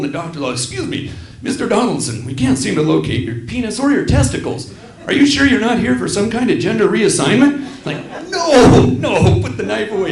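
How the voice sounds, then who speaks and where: Middle-aged stand-up comic, gravelly and slightly high voice, rambling and self-deprecating, roomy theater sound. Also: male voice. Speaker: stand-up comedian. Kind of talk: stand-up comedy set. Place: small theater stage.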